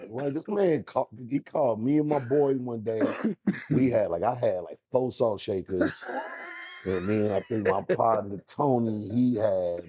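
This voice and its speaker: A man's voice: on the low side, mellow, slightly rough. A man, a comedian guest, telling rambling comic stories in casual chat and acting out little voices along the way.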